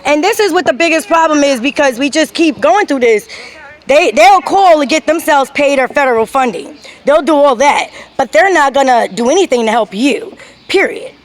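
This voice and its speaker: A woman's voice: sits high, expressive, moderate pace. A middle-aged woman filming a personal vlog on her phone, upset and talking in an emphatic, rambling, aggrieved way. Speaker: vlogger filming her own channel.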